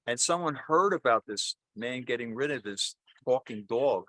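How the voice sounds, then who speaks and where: A man's voice: mid-range voice, expressive, moderate pace, a bit bright, dry recording. An older man, a priest, giving a homily in a conversational, rambling way, mixing jokes with personal stories. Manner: conversational, rambling, self-correcting. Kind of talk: sermon with jokes and storytelling.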